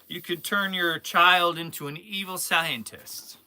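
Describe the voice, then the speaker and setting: A man hosting a live toy-selling stream in casual chat, jokey and rambling, with sudden loud outbursts. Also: fairly high pitch, a little slow, few pauses, clear, resonant tone.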